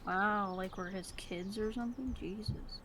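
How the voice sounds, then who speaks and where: A woman's voice: mid-range voice, moderate pace, very noisy. A woman chatting playfully with friends on a voice call, speaking into a desk microphone. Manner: playful, mock-defensive. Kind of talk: casual chat on voice call.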